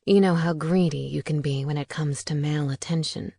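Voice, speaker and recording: A woman narrator voicing a smooth, charming male vampire who speaks low and attentively. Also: steady tone, a little fast, dark tone, no room sound. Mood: hushed, cool.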